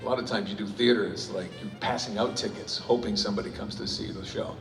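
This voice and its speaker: A man's voice: on the low side, fairly even intonation, fast talker, soft background music. A man answering audience questions at a convention panel, rambling and joking, with lots of restarts. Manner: rambling, self-interrupting, jokey. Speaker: panel guest voice actor. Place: large convention hall. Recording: echoey hall recorded from far off.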